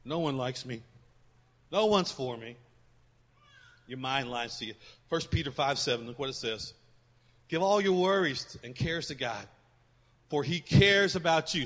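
A male pastor preaching a sermon in a church, swinging between loud emphatic lines and soft quiet ones. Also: medium pitch, expressive, unhurried, long pauses. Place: church sanctuary with congregation. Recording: reverberant hall.

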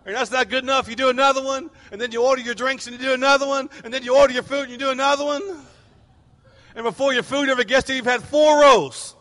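Animated man preaching in a hall. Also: very high voice, fast talker. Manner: animated storytelling, acting out voices. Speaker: pastor. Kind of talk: sermon.

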